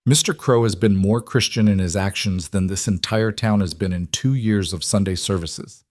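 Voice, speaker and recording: A man's voice: fairly low pitch, normal speed, no echo, clean studio sound, natural voice. A man voicing a grieving widow who speaks firmly and pleads, raising her voice. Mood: firm, hurt. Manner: raised voice, pleading then defiant. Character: grieving widow, proud and firm.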